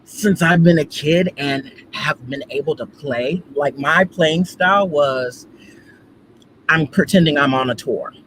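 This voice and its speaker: A man guesting as a gospel singer, goofy and animated, full of fillers. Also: on the high side, unhurried, slight background noise, low-quality recording. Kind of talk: casual interview chat.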